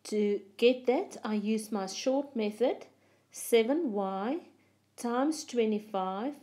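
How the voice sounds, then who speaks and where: A woman talks through a maths problem one step at a time, unhurried and patient. Her voice is mellow and dark-toned, and she lingers on each number as she works it out. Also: medium pitch. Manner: slow, methodical explaining. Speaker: maths teacher. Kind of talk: step-by-step lesson voice-over.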